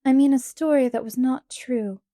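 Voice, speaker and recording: A woman voicing a gentle, imaginative young schoolteacher who speaks sorrowfully and earnestly. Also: high-pitched, moderate pace, no room sound, studio quality, voice pushed up, close to an everyday voice.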